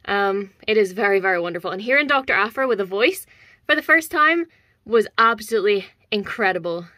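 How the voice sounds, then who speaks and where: A woman's voice: mid-range voice, fast talker, pushed and bright, no echo, studio quality. A young woman casually showing off her collection in a vlog, gushing and enthusiastic with lots of ums and repeated words. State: slightly out of breath. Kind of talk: casual show-and-tell vlog.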